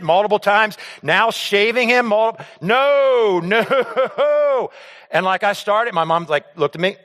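Animated man telling a story in a hall. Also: sits high, slow. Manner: animated, acts out scenes, stammers and repeats words. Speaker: speaker telling a personal story to an audience. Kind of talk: storytelling talk on stage. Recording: long hall reverb.

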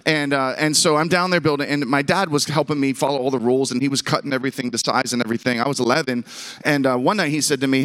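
A man in his thirties from Pittsburgh, telling a humorous personal story to a camp audience in an animated, self-deprecating way with call-and-response. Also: medium pitch, quick pace. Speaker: camp speaker. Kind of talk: storytelling sermon.

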